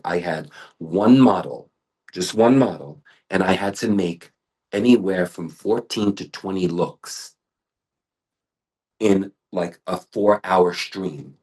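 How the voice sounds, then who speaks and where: A middle-aged man and hair artist talking in an interview, telling animated stories with frequent restarts. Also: low-pitched, measured pace, husky. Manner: animated storytelling with many restarts. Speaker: global ambassador and hair artist.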